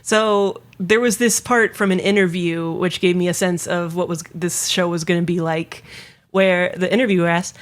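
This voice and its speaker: A woman's voice: fairly low pitch, fairly even intonation, normal speed. A woman in her thirties co-hosting a podcast, chatting casually in a wry, drawling way and swearing freely. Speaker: podcast co-host. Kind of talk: casual chat.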